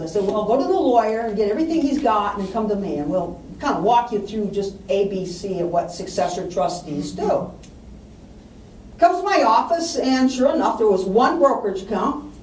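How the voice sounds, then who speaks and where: A woman's voice: mid-range voice, a little mellow, slight background noise. A woman giving a public talk on estate planning, telling client stories and acting out the voices of the people in them. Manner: storytelling, acts out quoted voices. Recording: distant mic in roomy hall, faint ambience.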